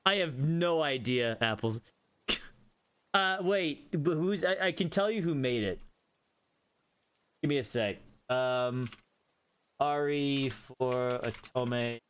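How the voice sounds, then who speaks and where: A man's voice: mid-range voice, slow, pauses often, clean tone. A man streaming a game live, joking and mocking his own voice acting.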